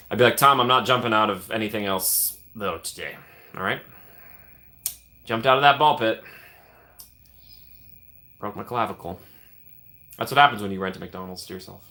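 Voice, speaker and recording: A man's voice: fairly low pitch, vocal fry, bright, forceful tone. A man hosting a casual live stream, chatting upbeat and answering viewers by name as he reads the comments. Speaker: streamer host.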